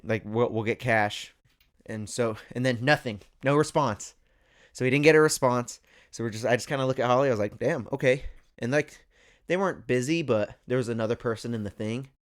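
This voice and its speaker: A young man hosting a podcast, telling a story in a casual, animated way and laughing often. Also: medium pitch, fast talker. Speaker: podcast host. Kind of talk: casual chat.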